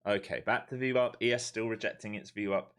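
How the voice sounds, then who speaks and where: Very low and deep, this London-accented man's voice runs fairly quick and a bit bright, with fairly even intonation. A laid-back day trader from London, he chats loosely and bluntly through live-stream market commentary, dropping the odd swear word.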